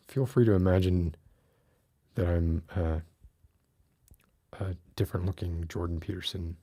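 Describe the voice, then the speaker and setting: A low-pitched, dark-toned man speaks a little slowly and steadily with long pauses as he chats on stream. He still rants with mock outrage, his voice rising as he gets worked up, and chuckles at himself.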